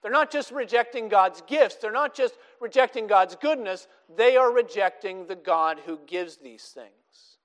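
High-voiced preacher in a reverberant hall. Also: male voice, normal speed, hardly any pauses, fairly bright tone. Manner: expository preaching, quoting scripture with emphatic rises. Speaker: pastor. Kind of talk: sermon.

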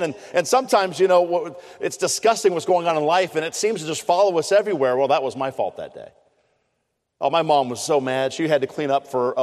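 A man's voice: a little high, darkish tone. A middle-aged man preaching a sermon, telling stories in an earnest, conversational way with frequent restarts. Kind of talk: sermon with personal storytelling. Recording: long hall reverb.

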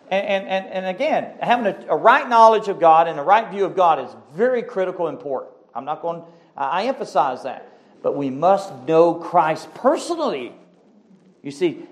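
A man preaching a sermon, emphatic and repetitive, slowing down to stress scripture and asking the congregation questions. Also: fairly high pitch. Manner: emphatic, repeats key phrases, asks the congregation questions; slows down to stress scripture quotes.

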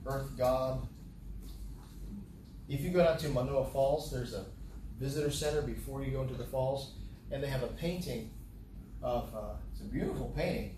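Preacher in an echoey church hall. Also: male voice, medium pitch, distant mic, noisy background. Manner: reads scripture aloud, repeats key phrases for emphasis. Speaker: pastor. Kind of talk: sermon, Bible teaching. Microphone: camera from a distance.

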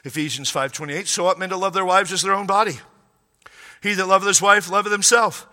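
A middle-aged man preaching a sermon, emphatic, repeating key lines and dropping quiet for asides. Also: sits high, steady tone, a little fast. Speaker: pastor. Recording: preached in a hall with long reverb.

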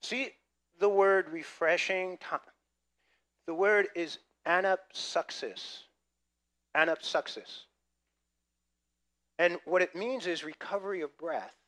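A man preaching a sermon, lively and conversational, swinging between loud emphasis and quiet asides. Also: sits high, measured pace. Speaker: pastor.

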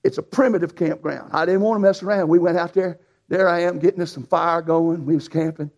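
A preacher who tells a folksy, animated story in a sermon. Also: male voice, fairly high pitch, a little fast. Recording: dull lo-fi sound.

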